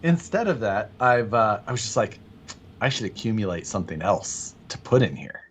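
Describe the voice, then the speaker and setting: A man's voice: on the low side, very animated, moderate pace, a little hiss or hum. A man co-hosting a casual live stream, talking in an easygoing, rambling way with many fillers. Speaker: co-host of a hobby live stream.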